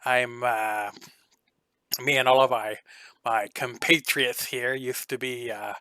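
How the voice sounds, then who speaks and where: A man's voice: mid-range voice, steady tone, takes it slowly, bright, forceful tone, clear, resonant tone, no room sound. A man voicing a chatty, flirtatious male gnome shopkeeper who rambles on and on. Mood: nervous chatty. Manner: rambling, overly friendly, flirtatious.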